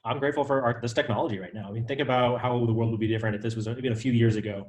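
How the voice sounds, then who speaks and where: A man co-hosting an instructional video, chatting in a relaxed, thoughtful way and sometimes restarting phrases. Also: medium pitch, rapid-fire. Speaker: co-host. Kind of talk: casual chat.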